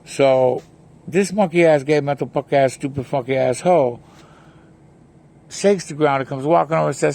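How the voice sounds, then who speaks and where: A man's voice: medium pitch, normal speed, gravelly, darkish tone. A man vlogging an angry, profane rant, telling a story packed with insults. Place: home, near a pet cat.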